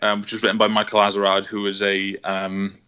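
A man talks casually and rambles, circling back through fillers and restarts. His voice sits a little low yet sounds bright and forceful. The sound is dull and lo-fi, as if carried over a phone line. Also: monotone, a little fast, clear, resonant tone. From Wales. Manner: rambling, many fillers and restarts, laughs easily. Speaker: guest on a music podcast. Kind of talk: casual chat. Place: on a phone call.

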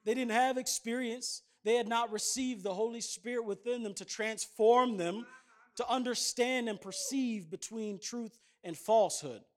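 A man's voice: very high-pitched, moderate pace. A man in his thirties preaching a sermon, chatting with the congregation in asides and then building to emphatic points. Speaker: pastor.

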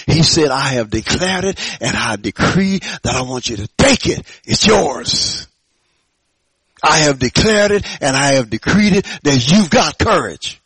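A man preaching a sermon to his congregation, emphatic, dropping to low murmurs and rising to shouted declarations, asking the room call-and-response questions. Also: husky, dry recording, low-quality recording. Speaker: pastor.

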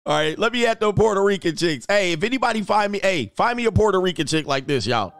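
A man's voice: high-pitched, animated, fast, vocal fry, a bit bright, clear, resonant tone, no echo, clean studio sound, faint music behind. A man hosting a casual livestream, reading out chat comments and joking in a loose, slangy way. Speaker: dating coach and channel host.

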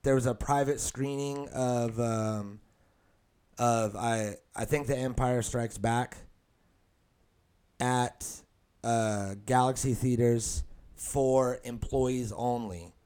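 A man hosts a podcast in loose, casual chat. He rambles from one topic to the next, cracks jokes and laughs easily, and his voice sits at a middling pitch for a man. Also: fairly even intonation, a little mellow, clear, resonant tone. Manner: rambling, joking, quick to laugh. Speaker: podcast host.

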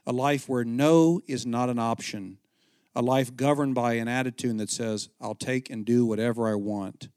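A middle-aged man, a pastor, preaching a conversational sermon with animated storytelling and frequent restarts. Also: medium pitch, normal speed, clean tone, no echo, studio quality.

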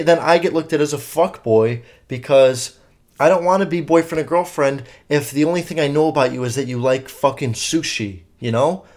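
Rambling, swearing young podcast host. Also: male voice, on the high side, a little mellow. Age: young adult. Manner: rambling and profane, many fillers. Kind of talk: casual solo podcast chat.

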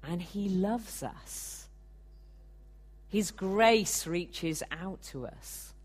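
A woman preaching a sermon, earnest and measured, sometimes acting out the people she quotes. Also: fairly low pitch, lively intonation.

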